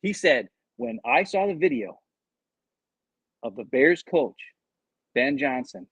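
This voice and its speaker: Husky and mid-range, this man speaks unhurriedly with frequent pauses, recorded dry but muffled. As a co-host on a laid-back sports podcast, he spins a lively yarn, quoting others, restarting his thoughts and cursing along the way.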